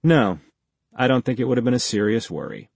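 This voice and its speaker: A man's voice: medium pitch, sing-song, a little fast, vocal fry, breathy edge, no room sound, exaggerated voice. A male audiobook narrator voicing a terse, guarded former army major who gives clipped, dry answers. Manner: laconic, clipped, dry replies. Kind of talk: audiobook character voice.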